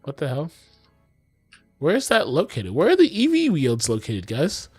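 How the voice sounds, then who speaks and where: A man's voice: mid-range voice, big pitch swings, slow pace, pauses often, slightly rough, no echo, soft background music. A man streaming his game coding in casual talk, exasperated, swearing often and talking to his chat.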